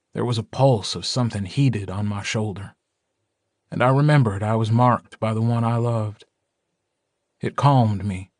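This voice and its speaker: A low-voiced man narrating a fantasy audiobook in the first person. He reads slowly and dramatically. The recording is dry and close, with no room sound. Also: darkish tone, no room sound. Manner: measured, dramatic.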